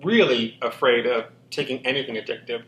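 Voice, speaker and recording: A man's voice: mid-range voice, fairly quick, a bit bright. A man with a slight lisp being interviewed, telling his personal story openly and earnestly with frequent ums and restarts. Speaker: interview guest. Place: walk-in closet, indoors. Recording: roomy room echo.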